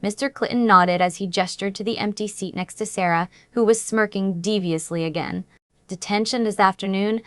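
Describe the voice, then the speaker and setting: A woman reads a first-person romance story aloud, earnest and dramatic in her telling. Her voice sits at a middle pitch, and the recording is close and dry. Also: steady tone, moderate pace, few pauses, no echo. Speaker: audiobook narrator.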